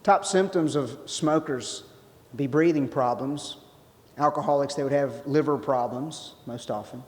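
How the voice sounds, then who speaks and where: A man's voice: medium pitch, measured pace. Guy giving a chatty church talk, trips over words and jokes around, big reverby hall. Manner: conversational, self-interrupting, jokey asides. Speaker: guest speaker. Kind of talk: sermon-style lecture. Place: church sanctuary.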